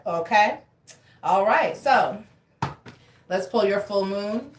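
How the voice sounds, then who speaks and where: A woman's voice: mid-range voice, expressive, slow, far from the mic, background noise. A woman doing a casual tarot reading, talking frankly, cursing freely and calling listeners baby. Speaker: tarot reader. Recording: roomy, away from mic.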